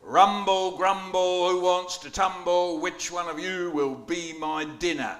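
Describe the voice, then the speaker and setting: Man doing a cyclops giant, booming, hungry, theatrical, echoey room. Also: fairly even intonation, measured pace, a bit bright. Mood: menacing. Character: huge rumbling one-eyed cyclops giant, hungry, menacing.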